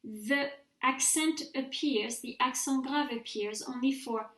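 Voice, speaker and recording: A woman's voice: sits high, slow pace, fairly bright tone, reverberant. A woman teaching a recorded French grammar mini-lecture, patiently modelling pronunciation for her students to repeat.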